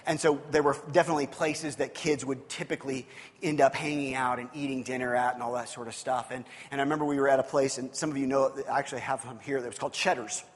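A man's voice: mid-range voice, steady tone, fast. A man preaching a sermon, telling a personal story in a conversational way with frequent restarts. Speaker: pastor. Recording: long hall reverb with soft guitar music.

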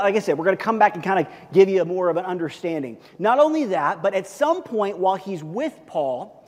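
A male pastor delivers a sermon in an easygoing, storytelling way, full of fillers, restarts and repeated words. His voice sits high. The sound carries the long reverb of a church hall. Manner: conversational, animated storytelling with many fillers and repeats.

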